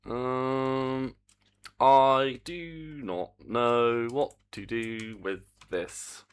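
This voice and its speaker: A man's voice: mid-range voice, drawn-out words, smooth. A man streaming his game development, chatting casually and muttering in exasperation, humming to himself as he works. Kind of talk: casual live-stream chat while coding.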